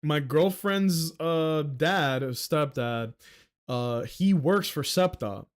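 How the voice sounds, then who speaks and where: Sarcastic profane young man ranting. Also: on the high side. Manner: exasperated, profane, sarcastic, quick asides. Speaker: livestreamer. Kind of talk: casual ranting livestream.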